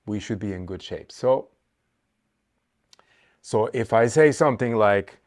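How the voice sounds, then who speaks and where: Man, lowish voice, workshop instructor; patient, explanatory, thinks aloud with fillers. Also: moderate pace. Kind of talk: teaching a workshop.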